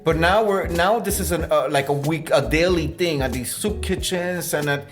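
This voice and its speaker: A man's voice: on the high side, normal speed, faint music behind. A man co-hosting a casual podcast, talking through the week's political news with a rambling, joking delivery and lots of fillers. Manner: rambling, joking, breaks into laughter, mock newscaster bits. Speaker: podcast co-host. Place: room with blue lighting.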